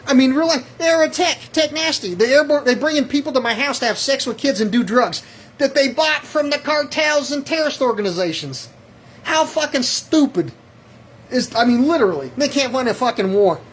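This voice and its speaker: A man's voice: very high-pitched, animated, moderate pace, a bit bright, a little hiss or hum. A man calling in to a radio show with a rambling, agitated, profane rant that jumps between thoughts and acts out little exchanges. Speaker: caller.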